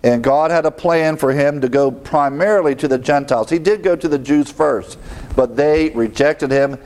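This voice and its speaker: A man's voice: fairly high pitch, normal speed, a little mellow. A man preaching an expository sermon with an earnest teaching tone, quoting scripture and asking rhetorical questions.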